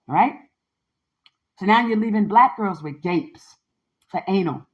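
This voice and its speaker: A woman's voice: medium pitch, animated, measured pace, pauses often, muffled recording. A woman hosting a podcast in a candid, casual monologue. She talks emphatically and with sass, keeps tagging her points with "okay?" and uses a lot of slang. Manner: slangy and sassy. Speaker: podcast host.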